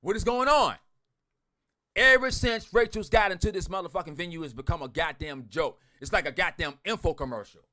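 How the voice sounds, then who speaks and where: A man ranting bluntly to his online group, swearing a lot, repeating himself and swinging from loud outbursts to muttering. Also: high voice, a little fast. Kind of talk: heated profane rant to followers.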